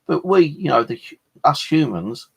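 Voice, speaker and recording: A man's voice: on the high side, sing-song, moderate pace. A man telling a rambling, casual story on his vlog, swearing freely and retelling conversations. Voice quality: gravelly, husky. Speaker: vlogger.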